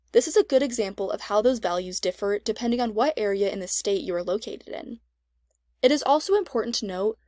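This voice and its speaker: Woman, scripted tutorial voice-over, measured reading, dry close sound. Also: a little high, a little mellow, dry recording. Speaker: extension instructor.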